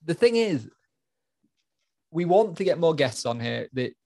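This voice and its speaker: A man's voice: fairly high pitch, big pitch swings, unhurried, gravelly, darkish tone. A man, co-hosting a podcast and chatting casually as a parent, telling rambling, self-mocking stories. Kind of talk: casual chat.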